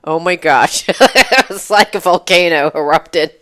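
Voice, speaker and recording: Woman, podcast co-host, casual animated storytelling, smooth voice, dry sound. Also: on the low side, unhurried, no echo. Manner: animated storyteller, laughing, acting out quotes. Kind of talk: casual chat.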